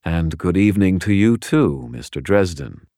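A man reading an audiobook and voicing a polished male crime boss who speaks in a formal, measured, unruffled way. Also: sits low, very animated, warm tone, dry recording, studio quality. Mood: cool, courteous. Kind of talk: audiobook character voice.

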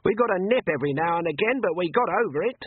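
A man voicing an eager, plain-spoken older male villager in a high, bright voice. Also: expressive, fast talker, slightly rough, no room sound, narrow, tinny audio.

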